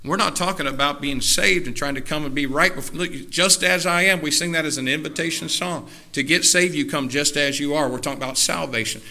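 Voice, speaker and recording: Bright-voiced male preacher. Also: on the high side, brisk, few pauses. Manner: reads scripture references then preaches with rising, shouted emphasis; drops to a casual, joking tone with the congregation. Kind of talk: sermon.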